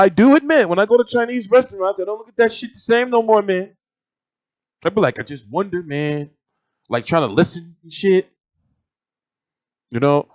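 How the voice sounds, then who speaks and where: A man's voice: high-pitched, dry recording. A man telling a story in casual, profane, rambling vlog commentary. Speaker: boxing vlogger. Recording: dry, slightly dull lo-fi sound.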